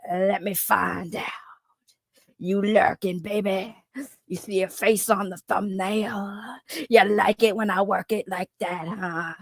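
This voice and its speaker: A woman voicing a crude, taunting woman character with a low gravelly rasp, drawling mocking lines. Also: no echo.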